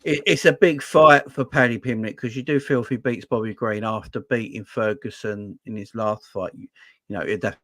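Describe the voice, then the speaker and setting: A man talks casually about fights in a halting way, stumbling over restarts. His voice sits fairly low. The recording is dry and close. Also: steady tone, a bit bright, no echo. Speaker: podcast guest. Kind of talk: casual sports chat.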